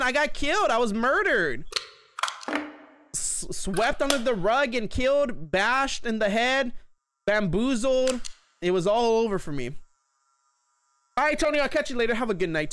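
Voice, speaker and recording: High, excitable young streamer guy. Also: a little slow, slight background noise. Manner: excitable, shrieks when scared. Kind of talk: live gameplay commentary.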